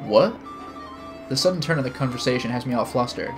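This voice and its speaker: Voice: medium pitch, very fast, over music. A streamer who reads a visual novel aloud as the narrator, chats with viewers, and laughs often. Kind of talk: live-streamed visual novel reading with commentary.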